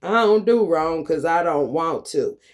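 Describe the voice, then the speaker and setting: A man delivering an angry, confrontational ranting monologue to camera, full of swearing, swinging between loud outbursts and low muttering. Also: animated, measured pace. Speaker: vlogger.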